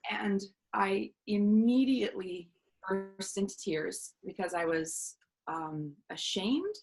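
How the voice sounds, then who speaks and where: A woman's voice: medium pitch, animated, slow pace, a little mellow, rough recording. A woman in her thirties, a self-love coach, telling her personal story in an interview in an earnest, reflective way, with many fillers and restarts.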